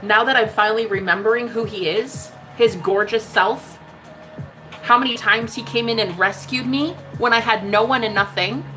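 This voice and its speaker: At normal speed and in a slightly high, pushed, bright voice, a spiritual love-reading vlogger rants emphatically and sassily, swearing often and calling the listener "honey." There's background music, and the recording is rough.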